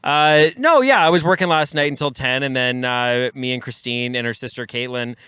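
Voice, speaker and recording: Hungover young man, bright and rambling. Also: medium pitch, brisk, clean tone, no echo. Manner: rambling storyteller, laughs often. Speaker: podcast co-host. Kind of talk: casual podcast banter. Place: parked car in a lot outside a pub.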